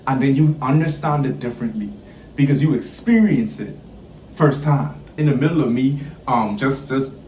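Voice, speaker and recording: A young man telling a story in a casual, animated way, laughing and swinging his pitch up and down. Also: moderate pace, a little hiss or hum. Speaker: vlogger. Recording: roomy, from a distance off the mic.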